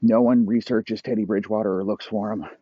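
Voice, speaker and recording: A man's voice: lowish voice, steady tone, fairly quick, husky, no room sound. A man telling an improvised comic story in a rambling, profane way. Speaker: comedy storyteller. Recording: dull lo-fi recording.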